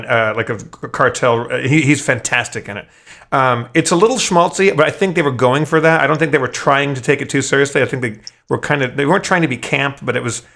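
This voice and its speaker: Guy cohosting a podcast, swears a lot, stammers and restarts, middle pitch. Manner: profane, animated storytelling with stammered restarts. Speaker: podcast co-host. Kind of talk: casual chat.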